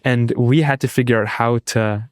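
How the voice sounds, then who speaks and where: A man's voice: medium pitch, fairly even intonation, normal speed, dry recording, studio quality. A young man, a pre-med student, telling an earnest story as a podcast guest. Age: young adult. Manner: earnest, eager, restarts phrases. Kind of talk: casual interview storytelling.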